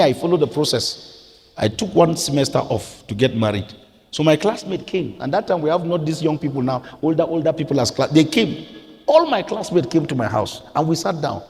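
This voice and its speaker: A middle-aged male pastor with a Nigerian accent preaching a sermon in a church, swinging between quiet, earnest passages and loud, emphatic rises. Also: fairly high pitch. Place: church hall. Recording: reverberant church hall.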